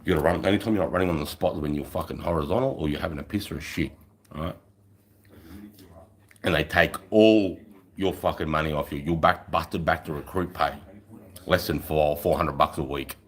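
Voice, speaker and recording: A middle-aged Australian man hosts a livestream, telling a rambling, casual story in a rumbling low voice at a slightly fast clip. He swears freely and keeps tagging his lines with "right?".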